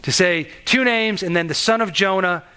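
High-voiced man preaching a sermon. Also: normal speed, bright, forceful tone, clear, resonant tone. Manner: earnest, conversational preaching with repeated restarts and rhetorical questions. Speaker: pastor.

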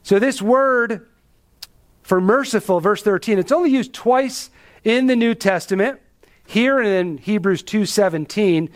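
Guy preaching a sermon, kinda high voice, punchy, throws questions at the crowd and drops low for effect. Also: measured pace. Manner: emphatic, with rhetorical questions and dramatic drops in pitch. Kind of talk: expository sermon.

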